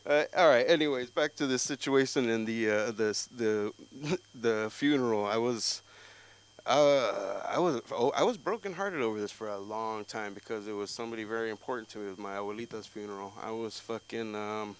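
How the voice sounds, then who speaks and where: A young man doing stand-up at an open mic, telling rambling, profane stories and breaking into loud outbursts. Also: fairly low pitch, moderate pace, smooth, poor audio. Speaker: stand-up comic.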